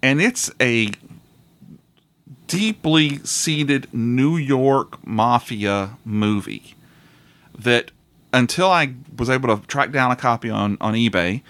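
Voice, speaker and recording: A man hosts a relaxed movie podcast, rambling through his points with restarts and frequent laughs. His voice sits at a middle pitch. The sound is dry and close. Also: takes it slowly, no echo. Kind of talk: casual chat about movies.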